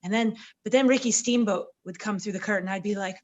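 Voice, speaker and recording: A woman, a pro wrestler, telling lively stories in a casual podcast interview and acting out the quotes. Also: medium pitch, fast, lo-fi sound. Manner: lively storyteller, acts out quotes.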